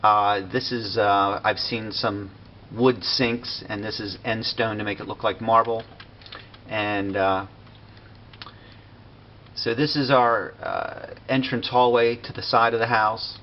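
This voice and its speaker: Man, casual game tour narration, lots of uh and pauses, lowish voice, muffled low-fi sound. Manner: relaxed, many fillers and pauses. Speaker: game builder giving a tour. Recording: dull lo-fi recording with faint noise.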